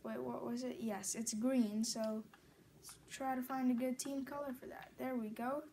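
A woman's voice: on the high side, level tone, normal speed, noisy background. A woman hosting a casual game tutorial, reading off lists of settings and numbers and correcting herself as she goes. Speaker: gaming tutorial host.

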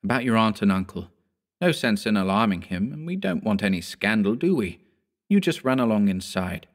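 A man voicing a sinister man who speaks in a polite, measured, condescending way. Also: fairly low pitch, very animated. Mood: coaxing.

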